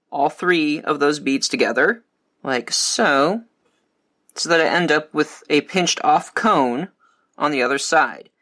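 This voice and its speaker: A man giving a calm, methodical step-by-step beading tutorial. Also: fairly high pitch. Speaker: beading instructor.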